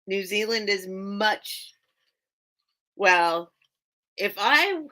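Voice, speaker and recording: A woman hosts a live sale stream in a loose, chatty way, wandering off topic and laughing as she goes. Her voice is bright and a little sharp, and she talks in an unhurried, drawn-out manner. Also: mid-range voice, animated. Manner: rambling, chatty, laughs often, loses train of thought. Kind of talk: casual live-stream chat.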